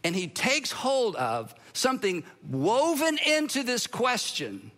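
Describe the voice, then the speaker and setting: A man preaching a sermon, his voice sitting high and ringing bright. He talks to the audience in a lively, conversational way, with quick asides and direct questions. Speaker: pastor.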